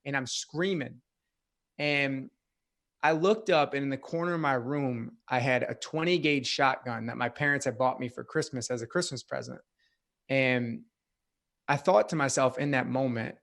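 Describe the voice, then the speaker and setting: Man, young adult, earnest storytelling, casual fillers, average pitch. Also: moderate pace, gravelly, a bit bright. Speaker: podcast guest. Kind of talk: personal storytelling interview.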